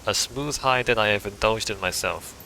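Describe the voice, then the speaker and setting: A man voicing a suave, smug male drug dealer from a video game, in a smooth, unhurried, self-assured way. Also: on the low side, sharp tone, a little hiss or hum, rough recording. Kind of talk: reading game dialogue aloud.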